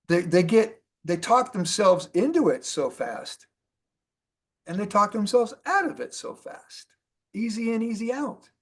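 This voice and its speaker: A middle-aged man giving a motivational training talk as a network marketing trainer, animated and repeating his key points for emphasis. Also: on the high side, husky.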